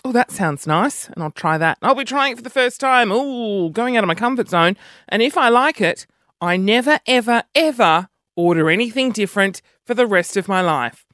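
A man's voice: high voice, fairly bright tone, no echo, studio quality. Rambling self-mocking Australian man. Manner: rambling, self-mocking, jumps between topics. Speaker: vlogger. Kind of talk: casual monologue to camera.

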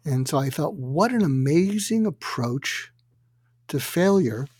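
A man telling anecdotes as an interview guest, animated and acting out quotes, with frequent fillers. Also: a little high, slow, slightly rough, no echo, studio quality. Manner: animated, acts out quotes in other voices. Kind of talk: anecdotal storytelling.

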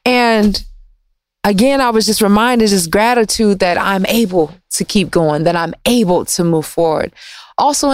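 A woman telling a personal story in a casual, candid monologue, reflective and lively with her emphasis, recorded in a studio. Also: dry recording. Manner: candid, reflective, swings in pitch and pace for emphasis. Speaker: vlogger recounting a personal story.

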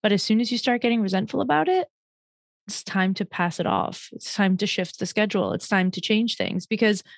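A woman's voice: medium pitch, sing-song, brisk, creaky, dry recording, clean studio sound. A woman in casual chat, explaining her view firmly and giving advice. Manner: firm, explanatory, gives advice.

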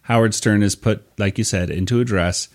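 A man with a fairly low voice talks through a comic in a loose podcast chat. He pauses often with fillers, then picks the thread back up. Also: fairly even intonation. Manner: hesitant, lots of fillers, reads out quotes. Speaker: podcast co-host. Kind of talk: casual chat reviewing a comic.

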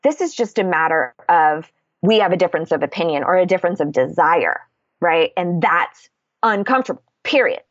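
A woman's voice: lowish voice, animated, brisk, dry recording, muffled recording. A woman speaking candidly in a casual podcast conversation, explaining ideas and swearing freely.

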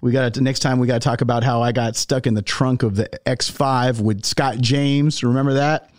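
A man's voice: mid-range voice, fairly even intonation, moderate pace, no room sound, studio quality. A man hosting a podcast, casually telling a long story to a friend and laughing often. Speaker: podcast host.

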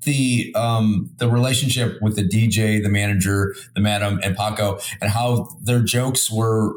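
Lowish voiced guy rambling about a movie, lots of "like", echoey room. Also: steady tone. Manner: halting, full of "like" and restarts, laughs. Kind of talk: casual film-review chat.

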